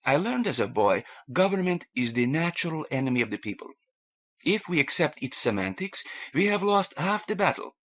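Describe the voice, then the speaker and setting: Man voicing a male ship's mate, foreign accent, precise, earnest, higher pitch. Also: sing-song, normal speed, fairly bright tone. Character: stocky male ship's mate, idealistic rebel.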